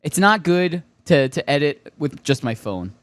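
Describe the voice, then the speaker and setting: A man co-hosting a casual pop culture podcast, telling stories with lots of laughter and excitement. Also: a little high, a little slow, no room sound. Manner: excitable storyteller, laughs often. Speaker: podcast co-host. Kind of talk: casual chat.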